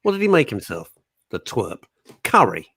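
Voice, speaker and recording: A man's voice: mid-range voice, normal speed, breathy edge, no echo. A man co-hosting a radio show in casual chat, teasing his partner and telling stories with lots of laughter. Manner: teasing, laughs a lot, lively storytelling. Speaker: radio co-host. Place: radio studio.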